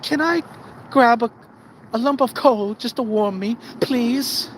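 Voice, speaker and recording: A man's voice: very high-pitched, takes it slowly, a bit bright, slight background noise, pitched above the performer's own voice, full character voice. A man voicing a timid, freezing poor worker who begs his boss for help. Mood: pleading.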